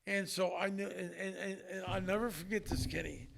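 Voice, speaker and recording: An older man and former strongman, telling an emotional story in an earnest, halting way with many restarts. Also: sits high, fairly even intonation, creaky, noisy background. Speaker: retired strongman, guest.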